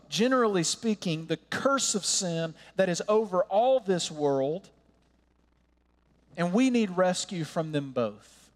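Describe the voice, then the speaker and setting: A man preaching a sermon as pastor, earnest and impassioned, slowing down to stress his points. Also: high voice. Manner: earnest, impassioned preaching with slow emphatic pauses. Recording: long hall reverb.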